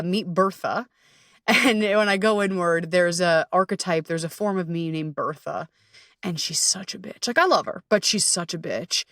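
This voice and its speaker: A woman's voice: mid-range voice, fairly bright tone, no echo, studio quality, distant mic. A woman hosting a podcast as a coach, talking candidly and self-deprecatingly, swearing freely and laughing often.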